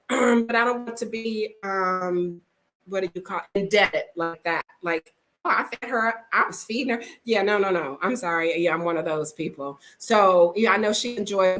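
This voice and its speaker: Speaking at a medium pitch over a rough recording, this middle-aged woman from the United States vlogs with animated, frank storytelling. She talks casually to the camera and plays the characters in her tales.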